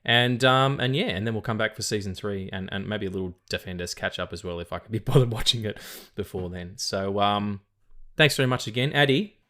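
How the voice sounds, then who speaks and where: A man's voice: lowish voice, a little fast, fairly bright tone. A man with an Australian accent hosting a podcast, rambling and swearing freely as he chats. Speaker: podcast host. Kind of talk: casual chat.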